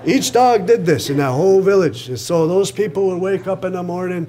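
A man telling a traditional story aloud to an audience in a lively way, acting out the voices and chuckling at his own jokes. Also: high voice, fairly quick. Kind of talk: live oral storytelling. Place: live reading event.

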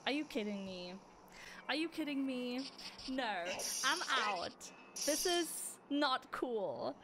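High, lively, slow-talking woman streamer. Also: noisy background. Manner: excitable, gasping and laughing reactions. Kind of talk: let's-play commentary. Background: game music.

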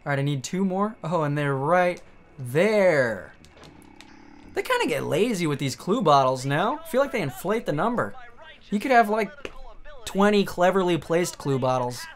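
A man giving profane, joking commentary as he plays a video game, reacting loudly to the screen. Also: high-pitched, normal speed, a little hiss or hum. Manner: excitable, swearing, joking at the screen. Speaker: let's play streamer.

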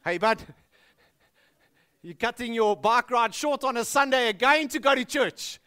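A man's voice: extremely high pitch, animated, a little slow, pushed and bright, clear, resonant tone, exaggerated voice. A man with a South African accent voicing a skeptical male cycling friend who needles him incredulously. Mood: teasing.

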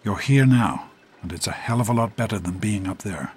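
A man playing a gentle, protective father. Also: on the low side, a little fast, slight background noise, close to an everyday voice. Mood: tender. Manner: tender, earnest.

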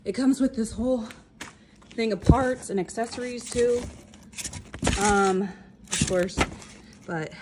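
Chatty, excitable woman unboxing returns. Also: on the high side, noisy background. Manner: chatty, excitable, talks to viewers while unboxing. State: over-caffeinated. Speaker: reseller vlogger. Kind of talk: casual unboxing vlog.

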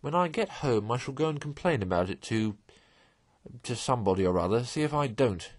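A man reading a storybook aloud and voicing a small, fussy male mole who talks in a plaintive, petulant way with a husky voice. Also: medium pitch, lively intonation, fairly quick, natural voice.

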